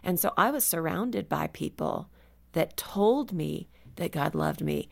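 A woman guest on a Christian radio talk show, speaking earnestly and animatedly about reading scripture slowly. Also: sits low, lively intonation, gravelly. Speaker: guest author. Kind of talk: casual radio conversation.

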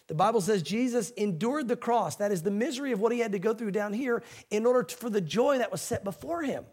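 A middle-aged man preaching a sermon as a pastor, talking in a relaxed, folksy way. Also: sits high, fast talker. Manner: conversational, folksy preaching with quoted voices.

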